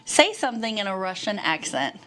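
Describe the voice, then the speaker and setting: A woman hosting a quick-fire interview, cheerful and giggly. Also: medium pitch, big pitch swings, pushed and bright, a little hiss or hum.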